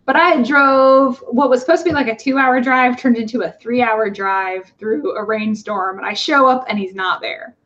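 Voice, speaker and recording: Woman guest, fairly high voice, rambling anecdote, muffled lo-fi recording. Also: a bit bright. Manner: halting, many fillers, acts out quoted voices. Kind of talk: casual storytelling. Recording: dull lo-fi sound.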